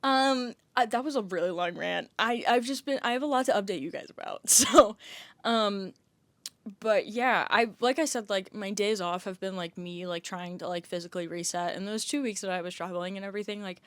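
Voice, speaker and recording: A woman's voice: medium pitch, fairly quick, no echo. A young adult woman hosting a podcast, telling a long casual rant, rambling with lots of "like" and swearing freely. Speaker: podcast host.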